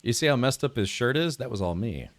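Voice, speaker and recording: A man's voice: mid-range voice, sing-song, a little fast, dry recording. A man streaming a game, chatting casually, laughing often and talking to his viewers in rambling asides. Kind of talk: casual live gameplay commentary.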